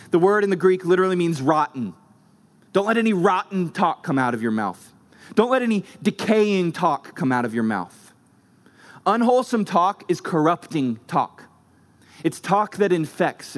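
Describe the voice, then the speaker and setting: A male pastor delivering a sermon with a slightly higher voice. He is emphatic, hammering home his points with short repeated phrases.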